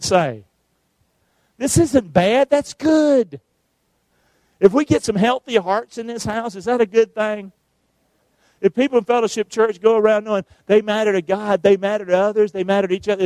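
A middle-aged pastor delivers a sermon with emphatic, call-and-response energy. His voice is high for a man and a little mellow. The sound is close and dry, with no echo or room around it.

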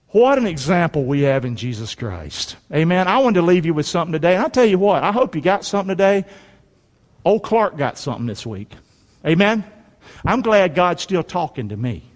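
A man preaching a sermon, reading scripture aloud and leading the congregation to repeat it in a folksy, emphatic way. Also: sits high. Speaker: pastor. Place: church. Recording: long echoey hall reverb.

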